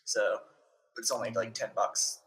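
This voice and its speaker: A man's voice: lowish voice, steady tone, moderate pace, a bit bright, low-quality recording. A man co-hosting a casual podcast, explaining things chattily with plenty of fillers. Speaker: podcast co-host.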